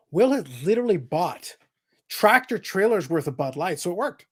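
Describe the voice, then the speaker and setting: A man's voice: high-pitched, big pitch swings, normal speed, slightly rough. Sarcastic joking male podcast host. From Canada. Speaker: podcast host reading chat. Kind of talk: casual podcast chat.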